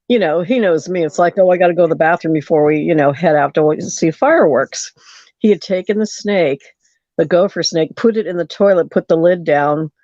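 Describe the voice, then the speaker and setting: A woman caller telling a story on a late-night call-in show, animated and acting out the quotes. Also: lowish voice, dry recording, dull audio.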